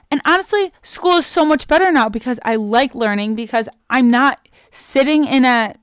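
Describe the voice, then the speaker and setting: A young woman in her twenties hosts a solo podcast, chatting earnestly and openly about her feelings. Her voice sits a little high and stays smooth and clear. The sound is dry and close, with no room echo. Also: moderate pace. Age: young adult. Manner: chatty and earnest, many "like" fillers; openly emotional, self-motivating. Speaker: podcast host. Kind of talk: casual solo podcast monologue.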